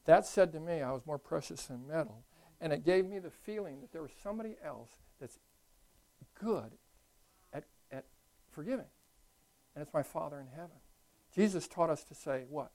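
A man preaching a sermon who tells stories in a conversational way, moving from hushed asides to loud, animated bursts. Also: on the high side, moderate pace, rough recording. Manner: conversational storytelling. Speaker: pastor.

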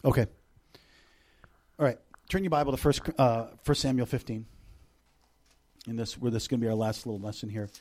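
A middle-aged visiting preacher addresses a church congregation in an animated sermon, with loud bursts, hushed intimate passages, and joking asides. He speaks briskly in a mid-range voice but leaves long pauses.

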